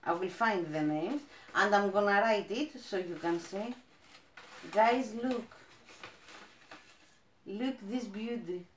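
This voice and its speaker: A woman from Greece with a Greek accent, chatting as she unboxes plants, gushing and halting with fillers. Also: medium pitch, reverberant, a little hiss or hum. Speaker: plant vlogger. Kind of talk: casual unboxing chat.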